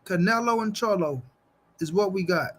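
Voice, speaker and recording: Talking at a normal pace in a high voice, a boxing livestream host reads his viewers' comments and answers them directly. He leans on slang and says phrases again to stress them, keeping the chat casual.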